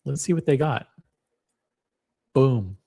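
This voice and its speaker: Guy hosting his channel, slow and wry, musing over listings, mid-pitch voice. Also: animated, vocal fry, mellow. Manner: wry, musing, drawn-out price reading. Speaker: watch channel host. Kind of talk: casual screen-share commentary.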